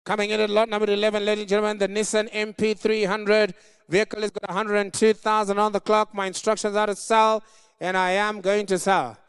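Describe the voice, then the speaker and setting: Middle-aged male auctioneer, rapid rhythmic bid-calling, high pitch, dry close sound. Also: level tone, fairly bright tone, clean tone, no room sound. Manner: fast rhythmic chant, pleading for bids.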